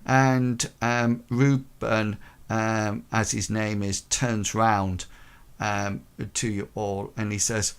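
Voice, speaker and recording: A man narrating a tabletop horror game as game master, halting and full of ums. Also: lowish voice, little pitch movement, clean tone.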